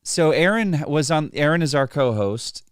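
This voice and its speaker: A man's voice: fairly high pitch, expressive, moderate pace, clear, resonant tone, no room sound, clean studio sound. A man hosting a live stream, chatting in an easygoing way and laughing often. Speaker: livestream host. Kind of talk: casual live-stream chat.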